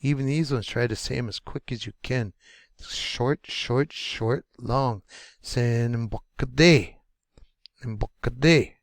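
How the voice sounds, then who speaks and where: Slow gravelly man teaching pronunciation. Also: medium pitch, fairly even intonation, no room sound, clean studio sound. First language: English. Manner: slow, repeating words syllable by syllable. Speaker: language teacher. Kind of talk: pronunciation lesson.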